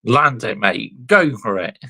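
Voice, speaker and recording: A man's voice: on the low side, animated, slow pace, creaky, bright, forceful tone, low-quality recording. A young man hosting a casual football reaction chat, laid-back and amused. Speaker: host.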